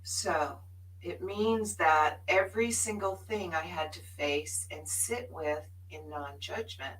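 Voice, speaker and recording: A woman speaks in a heartfelt, emphatic way, sharing her spiritual journey on a live show. Her voice is bright and forceful and sits a little low for a woman. She sounds somewhat distant from the microphone. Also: slow pace. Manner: earnest and emphatic, laughs often.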